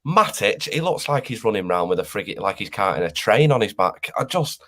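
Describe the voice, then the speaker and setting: Man, fan panelist, exasperated rant, swears, lowish voice. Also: sing-song, brisk, fairly bright tone. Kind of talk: casual fan panel chat.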